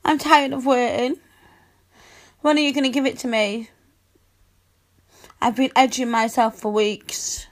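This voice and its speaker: A woman's voice: fairly high pitch, steady tone, unhurried, long pauses, lightly acted. A woman voicing a needy, pouty young adult cat girl in an adult audio role-play, whining and pleading, with meows mixed in. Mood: teasing. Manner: whiny and pleading, sprinkled with meows.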